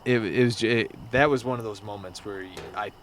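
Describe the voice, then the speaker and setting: A young man guest on a podcast, telling a story casually with halting restarts. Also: on the low side, a little hiss or hum.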